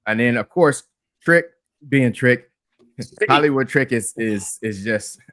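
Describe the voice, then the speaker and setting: A man's voice: medium pitch, animated, slow pace, a bit bright, no room sound, studio quality. A man co-hosting a podcast, chatting casually about wrestling, rambling with many fillers and restarts. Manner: rambling, lots of fillers and restarts, laughs easily. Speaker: podcast co-host.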